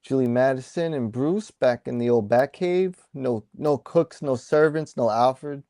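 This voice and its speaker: A man's voice: mid-range voice, measured pace, mellow, no echo, clean studio sound. A man co-hosting a casual comic book podcast, laid-back and jokey, with plenty of fillers and murmured agreement. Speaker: podcast co-host.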